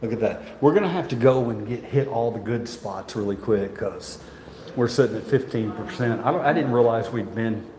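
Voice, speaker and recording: A man films himself on his phone walking through a museum, talking casually, rambling and joking with frequent laughter. He speaks at a moderate pace in a mid-range voice over a noisy background, and the rooms sound echoey with faint ambience.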